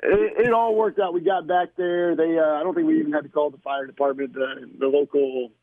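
Young male coach calling in, relaxed and chatty, tinny phone line. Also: on the high side, brisk, a crowd in the background. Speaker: college basketball coach, guest. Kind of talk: phone-in radio interview.

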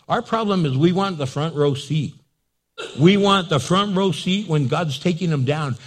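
A man preaching a sermon as pastor, acting out quick dialogues and reading scripture aloud. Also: a little high. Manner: animated, acts out little dialogues for laughs.

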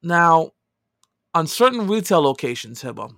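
A middle-aged man spins a personal story in a loose, chatty way, his voice sitting a little high for a man. He swings from hushed asides to loud bursts of emphasis. The recording is close and dry, with no room sound. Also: big pitch swings, a little slow, vocal fry, no echo. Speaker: podcast co-host telling a story. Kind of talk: casual storytelling.

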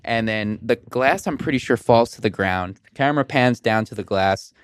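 A man co-hosting a podcast, retelling a film scene in a casual, animated way, often laughing and acting out the characters' lines. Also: mid-range voice, moderate pace, clean tone, no room sound, clean studio sound. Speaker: podcast co-host. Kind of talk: casual movie review chat.

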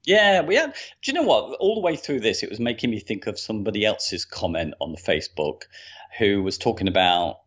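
Man, podcast co-host, low voice, casual and thoughtful, muffled lo-fi sound. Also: sing-song, fairly quick, a bit bright. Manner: thoughtful, searching for words.

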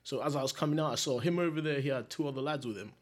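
A man's voice: medium pitch, rapid-fire. A young adult man from England, a guest telling a story in a casual, slangy, laid-back way and laughing often.

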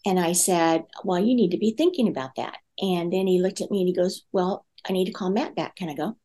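A middle-aged woman, a guest speaker on parenting, tells a family story in a relaxed conversation, acting out the dialogue with many fillers. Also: on the low side, a little fast.

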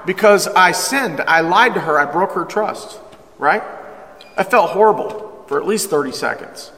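Middle-aged male pastor, high voice, emphatic and joking, echoing church hall. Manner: energetic, humorous, emphatic preaching, slowing down for scripture. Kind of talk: sermon.

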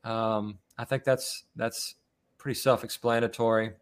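Leading a relaxed podcast conversation among dads, this man talks earnestly but full of fillers and restarts. His voice is medium-pitched and smooth, delivered flatly and without hurry.

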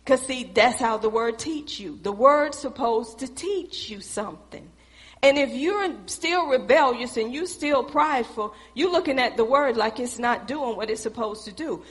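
A woman's voice: a little high, expressive, normal speed, big-room sound. A woman preaching a sermon in a church, talking straight to the congregation in a conversational, emphatic way.

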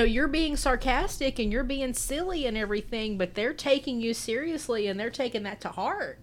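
Lively, laughing woman co-host. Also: on the high side, slight background noise. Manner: animated storytelling, breaks into laughter. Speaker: podcast co-host. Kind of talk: casual chat.

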